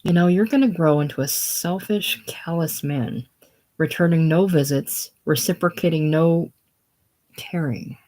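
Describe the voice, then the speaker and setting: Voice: mid-range voice, measured pace, a little mellow, lightly acted. A reader voicing a sickly, lonely older man with a grandiose, self-pitying manner in a casual play reading. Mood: brooding. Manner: theatrical, brooding, self-pitying.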